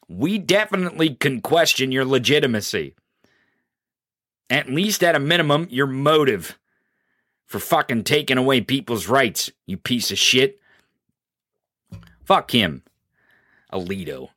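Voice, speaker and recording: A man's voice: mid-range voice, bright, forceful tone, no echo, clean studio sound. A man hosting a live political podcast, ranting profanely and sarcastically about the news. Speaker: podcast host.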